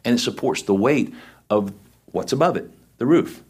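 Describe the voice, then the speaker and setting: A man's voice: mid-range voice, animated, moderate pace, darkish tone, breathy edge. A man preaching a sermon, reading scripture aloud and then explaining it with folksy, down-to-earth asides and emphatic repetition. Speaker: lay preacher.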